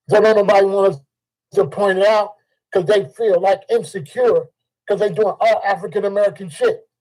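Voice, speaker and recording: An older man. His voice sits high for a man. He delivers a heated, profane monologue and circles back to the same points again and again. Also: mellow, husky, poor audio. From Chicago. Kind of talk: ranting monologue.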